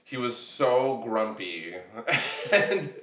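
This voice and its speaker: A man's voice: medium pitch, sing-song, extremely slow, bright, forceful tone. A man in casual chat, laughing often and slipping into funny impressions of movie characters. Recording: echoey room, a bit far from the mic.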